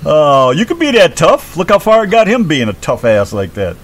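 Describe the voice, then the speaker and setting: Playful, lively-pitched male co-host. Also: normal speed. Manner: teasing, playful. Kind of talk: casual radio-style chat.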